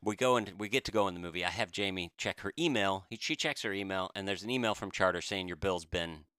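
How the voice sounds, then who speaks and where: A man co-hosting a podcast, telling a story in a casual, animated and self-deprecating way. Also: sits low, fast talker, smooth, no room sound, studio quality. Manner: animated, self-deprecating, quotes others in raised voice. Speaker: podcast co-host.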